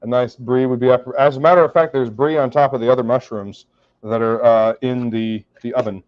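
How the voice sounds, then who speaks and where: A man's voice: medium pitch, steady tone, fairly quick. A man cooking in his home kitchen, chatting casually with viewers in a wry, joking way and swearing now and then. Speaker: cooking streamer. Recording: muffled lo-fi home recording.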